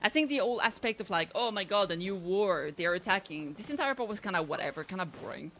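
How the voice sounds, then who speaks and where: A woman's voice: medium pitch, lively intonation, fast talker, a bit bright, slight background noise. A woman from France with a slight French accent, chatting casually with her stream viewers in a rambling way, full of fillers and restarts.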